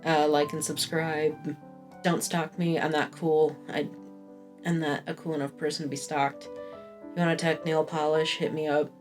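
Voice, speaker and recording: A woman's voice: low voice, flat delivery, normal speed, a little mellow, soft background music. A woman in her thirties chatting through a casual review vlog, candid, rambling and self-deprecating, with frequent swearing. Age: 30s. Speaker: fashion vlogger.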